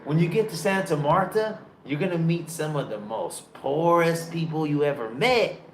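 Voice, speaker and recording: Loud, profane American man on a phone. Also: normal speed, a little hiss or hum. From United States. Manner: loud, profane and animated, with big pitch jumps. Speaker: travel vlogger. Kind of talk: casual storytelling to camera. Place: dim room. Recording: echoey room on a phone.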